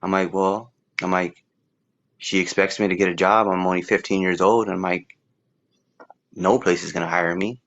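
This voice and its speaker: Deep-voiced man telling his story haltingly. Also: steady tone, fairly bright tone, muffled recording. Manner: rambling, halting with repeated words and fillers. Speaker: interview guest. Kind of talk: casual testimony.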